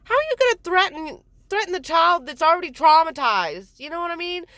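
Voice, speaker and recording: A woman's voice: very high voice, sing-song, a little fast, bright, forceful tone, dry recording, studio quality. A woman in her forties telling her own story in a heated, blunt way, swearing often and acting out what others said. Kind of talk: angry personal storytelling.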